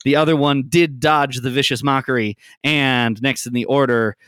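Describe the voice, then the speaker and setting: Bright-voiced man running a tabletop game. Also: medium pitch, moderate pace, clear, resonant tone, no echo, studio quality. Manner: relaxed, many ums and uhs. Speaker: game master.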